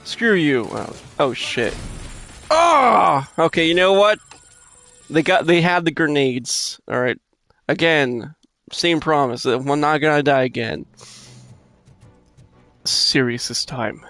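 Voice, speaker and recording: A man with a somewhat high voice narrates his own gameplay in a slow, drawn-out way. He curses at enemies, talks to his chat and breaks into loud shouts. Faint game music plays behind him. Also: lively intonation, no room sound. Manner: profane, trash-talks enemies, addresses chat. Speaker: gamer commenting on his own play. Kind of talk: let's-play commentary.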